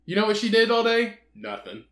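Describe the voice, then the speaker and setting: A man with a high voice that leaps around a lot, telling stories in a crude, joking podcast chat. His voice rings in an echoey room. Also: fairly quick. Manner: crude, joking, animated storytelling. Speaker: podcast co-host. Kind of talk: casual chat.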